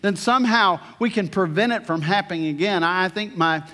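Guy preaching, pretty high voice, slows way down on the big lines, echo hanging in a big church. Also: sharp tone. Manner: earnest preaching, slows for emphasis, reads scripture aloud. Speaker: pastor. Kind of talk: sermon.

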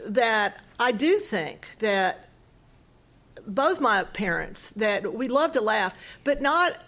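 A woman's voice: fairly high pitch, sing-song, slow, fairly bright tone. A woman co-hosting a casual Bible study conversation, chatty and self-deprecating, laughing easily. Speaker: co-host of a Bible study talk.

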